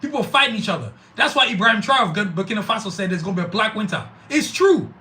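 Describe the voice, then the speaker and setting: A man's voice: sits high, expressive, fast, pushed and bright. Fired-up, profane man ranting. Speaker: podcast host reading live chat. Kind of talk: heated political rant.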